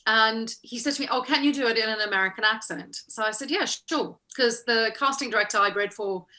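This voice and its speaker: Bright-voiced woman telling a lively story. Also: a little high, fairly quick. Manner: animated, laughing, acts out quoted voices. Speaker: actor guest. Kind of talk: casual interview storytelling.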